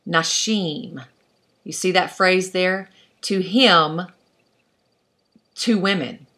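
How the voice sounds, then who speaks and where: A woman's voice: on the low side, a bit bright. A woman teaching an online class, explaining step by step in a patient way and thinking aloud as she goes. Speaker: Hebrew instructor.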